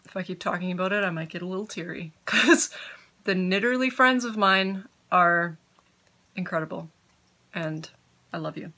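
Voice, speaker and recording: A woman's voice: lowish voice, normal speed, bright, forceful tone. A woman hosting a podcast from home, chatting casually and giggling as she gets sidetracked. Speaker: podcast host. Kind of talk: casual chat.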